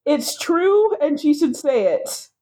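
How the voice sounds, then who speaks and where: A young woman drops short, teasing quips into a casual podcast chat, laughing along. Her voice is mellow and warm but bounces widely in pitch. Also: sing-song, slow pace, a little hiss or hum. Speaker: podcast co-host.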